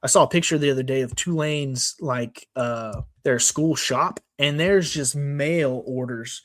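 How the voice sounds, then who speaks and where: A man's voice: medium pitch, a little slow, a bit bright. A man co-hosting a sports podcast, ranting in a casual, worked-up way with lots of fillers and restarts. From Texas. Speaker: podcast co-host.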